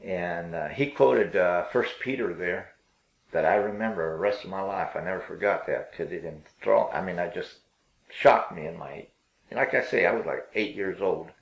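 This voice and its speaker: An older man telling his life story in a rambling, halting way, with many fillers and restarts. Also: low voice, creaky, echoey room, dull audio. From Pennsylvania.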